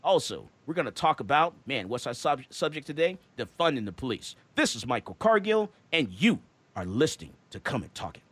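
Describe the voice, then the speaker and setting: A man's voice: medium pitch, sing-song, brisk, fairly bright tone, slight background noise. A man hosting a radio talk show, lecturing his listeners in an emphatic, preachy monologue.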